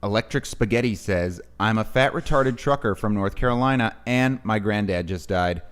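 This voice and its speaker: A man's voice: on the low side, normal speed, clear, resonant tone. A man co-hosting a live stream, reading viewer messages aloud in a dry, casual way. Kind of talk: casual livestream chat.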